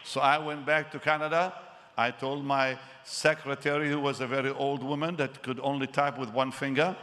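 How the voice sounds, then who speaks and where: A man in his seventies preaching a sermon, telling his story with animated delivery and acting out conversations. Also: mid-range voice, moderate pace. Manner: animated storytelling, acts out dialogue. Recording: long reverb of a large hall.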